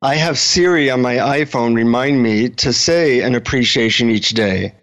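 A man who is a relationship author, talking as an interview guest and telling a story in a friendly, animated way. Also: mid-range voice, normal speed, poor audio.

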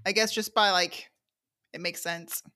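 A woman co-hosting a casual fan podcast, giggly and quick to chime in. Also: on the low side, fairly even intonation, bright, forceful tone. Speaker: podcast co-host.

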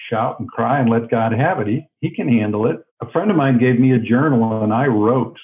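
A man being interviewed as a guest author, explaining in a calm, reflective way. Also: mid-range voice, a little fast. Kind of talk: interview on a call-in line. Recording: tinny phone line.

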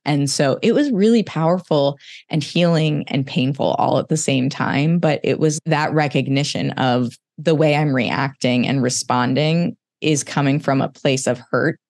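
A podcast host in conversation, speaking candidly and emotionally, often in quick bursts. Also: medium pitch, darkish tone, dry recording, clean studio sound.

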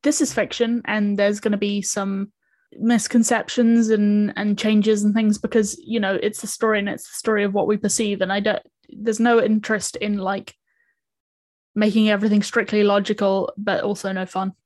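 A woman's voice: medium pitch, flat delivery, normal speed, darkish tone, dry recording. Young woman co-host, chatty, laughing a lot, casual podcast chat. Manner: chatty, laughs often, many fillers. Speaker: podcast co-creator.

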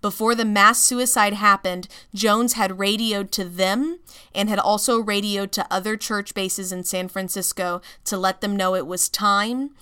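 A woman podcast host narrating a story in a measured, casual way. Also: mid-range voice, steady tone, pushed and bright, smooth.

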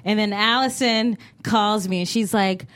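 A young woman co-hosting a casual chat before a live audience, lively and quick to laugh. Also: mid-range voice. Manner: lively, laughing, talks about her essay book. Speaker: co-host.

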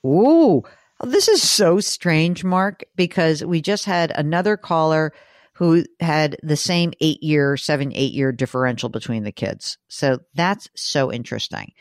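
A woman's voice: sits low, unhurried, dry recording, studio quality. A woman hosting a radio call-in show, chatty and joking with callers. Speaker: host.

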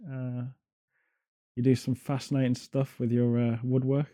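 A man's voice: medium pitch, level tone, moderate pace, mellow. A man hosting a podcast, rambling and joking sarcastically in casual chat. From Britain. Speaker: podcast host.

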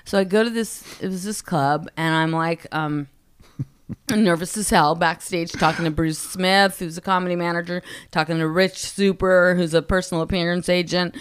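A woman in her forties, a stand-up comedian, telling animated stories with frequent laughs in a casual podcast chat. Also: fairly low pitch, clear, resonant tone, no echo, studio quality. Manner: animated, laughs often, quick asides. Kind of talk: casual anecdote storytelling.

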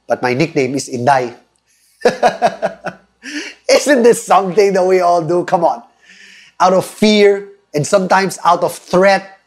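A man's voice: a little high, darkish tone. A man in his thirties preaching an online sermon, earnest and emphatic, telling stories and asking listeners to type responses.

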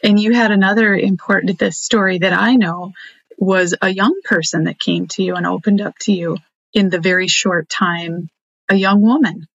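A woman's voice: medium pitch, steady tone, moderate pace, husky, no echo. A woman interviewing a guest, affirming and encouraging her. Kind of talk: supportive interview. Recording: dull, muffled audio.

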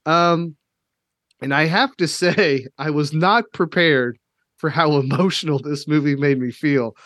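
Kentucky guy hosting a podcast, kinda high voice, gets worked up and emotional, swears here and there. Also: a little slow, no echo, clean studio sound. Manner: animated, emotional, swears casually. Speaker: podcast host. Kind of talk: casual podcast chat.

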